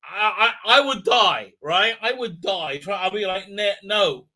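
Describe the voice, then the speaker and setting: Man, exasperated, incredulous rant, filler-heavy, very bright tone. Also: sits high, animated, measured pace. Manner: exasperated, incredulous, full of fillers, mocking quotes. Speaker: show host reviewing an episode. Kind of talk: rambling ranting recap.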